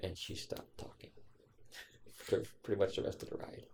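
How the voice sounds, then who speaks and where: A man co-hosting a podcast, chatting casually and telling stories in a blunt, crude, deadpan teasing way. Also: normal speed, a little hiss or hum. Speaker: podcast co-host. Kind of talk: casual podcast chat, storytelling.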